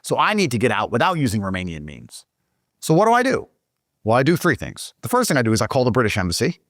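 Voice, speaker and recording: A man's voice: medium pitch, fast talker, no room sound, studio quality. A man telling a story casually, indignant and swearing often. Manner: profane, indignant, animated. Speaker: guest storyteller.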